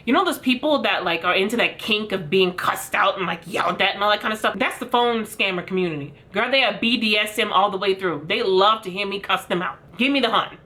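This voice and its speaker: A woman's voice: mid-range voice, brisk, few pauses, pushed and bright. A young adult woman giving frank, sassy commentary to camera as a vlog host, addressing viewers as "girl". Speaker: commentary vlogger.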